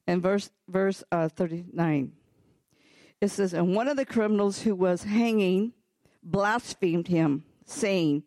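A male pastor preaching a sermon, impassioned, swinging from loud peaks to hushed near-whispers, with loose, chatty restarts and asides. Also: high-pitched, slow pace, no echo.

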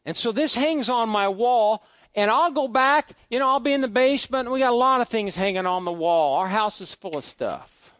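A man's voice: very high voice, lively intonation, normal speed, no room sound. Folksy male preacher telling stories. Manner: folksy, anecdotal, swings between loud asides and quiet musing. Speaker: pastor. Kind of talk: storytelling sermon. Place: church sanctuary.

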